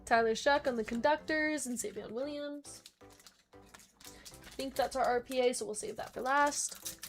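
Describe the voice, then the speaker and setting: Young woman, high voice, breaks host, quick chatty name lists, faint music behind. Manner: rapid listing of names, chatty asides to viewers. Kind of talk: live-stream card break commentary.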